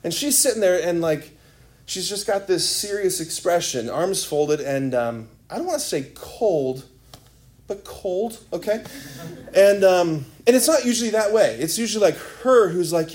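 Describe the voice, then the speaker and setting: A man's voice: sits high, animated, unhurried, darkish tone. A man preaching a sermon as a priest, telling a story in a casual, rambling way full of "like" and "right?". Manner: conversational storytelling, filler-heavy. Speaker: Catholic priest.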